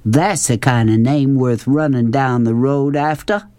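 A man voicing a loud, swaggering, bossy grown man who hollers and drawls. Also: medium pitch, unhurried, smooth, no room sound, natural voice. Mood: sly.

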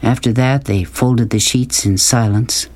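A man narrating an audiobook. His voice sits at a middle pitch and he tells the story in a calm, even way. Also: measured pace. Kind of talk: scripted narration.

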